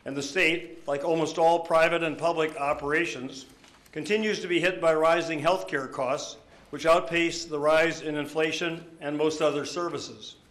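Politician at a podium, slightly higher-pitched man, measured, emphatic delivery of a prepared statement. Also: fairly even intonation, fairly bright tone, reverberant. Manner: measured, deliberate, emphatic on key words. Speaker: governor. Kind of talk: prepared budget statement at a news conference. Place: news conference room.

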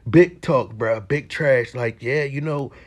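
A man's voice: mid-range voice, takes it slowly. A man hosting a casual reaction video, joking in heavy slang and laughing often.

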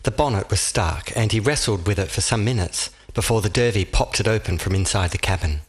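A man reading a whimsical audiobook, narrating in a measured storytelling manner with dry humor. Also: on the low side, breathy edge.

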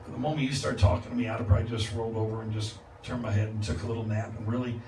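A man's voice: on the low side, level tone, rapid-fire. Male preacher, conversational storyteller, distant mic, roomy church with background noise. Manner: conversational, acts out dialogue with laughs. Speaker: guest preacher. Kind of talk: storytelling sermon. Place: church sanctuary. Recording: echoey church from far off with noise.

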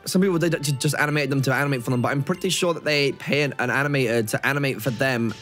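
A man's voice: mid-range voice, rapid-fire, a bit bright, soft background music. A young man chatting casually while playing a video game, rambling with lots of restarts and "like". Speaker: co-host of a gaming video. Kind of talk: casual chat over gameplay.

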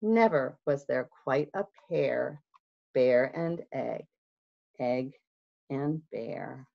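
A woman librarian reads a picture book aloud to young children in a sing-song, expressive way, gasping and asking them questions. She takes her time, and her pitch rises and falls widely. The audio sounds dull and lo-fi, like a video call. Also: extremely slow, creaky.

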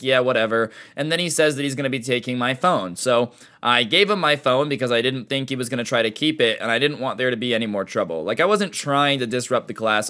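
A man's voice: medium pitch, bright, forceful tone. A young man casually telling a storytime tale, chatty and sarcastic, acting out the people he quotes. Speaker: storytime YouTuber.

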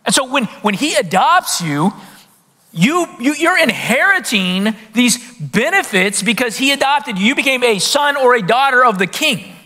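A man preaching a sermon to a congregation in a lively way, often putting rhetorical questions to the room. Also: very high voice, normal speed. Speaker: pastor. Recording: long reverb of a large hall.

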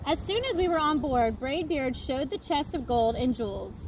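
A woman reading a picture book aloud in a lively, expressive storytelling manner, outdoors by a lakefront. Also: high voice, normal speed. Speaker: storybook reader. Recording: noisy outdoor recording.

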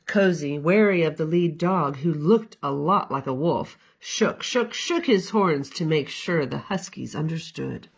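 Expressive librarian reading a storybook aloud. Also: female voice, deep voice, unhurried, vocal fry, few pauses, slightly rough. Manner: expressive, sing-song storytelling. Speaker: children's librarian.

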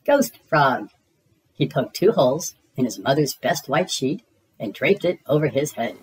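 A reader narrating children's picture books aloud in a lively storybook manner. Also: mid-range voice, poor audio. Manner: slow, lively storybook reading.

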